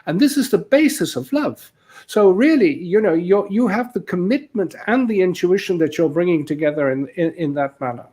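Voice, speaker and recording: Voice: medium pitch, animated, normal speed, a little mellow. Reflective voice asking rambling questions. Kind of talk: casual conversation.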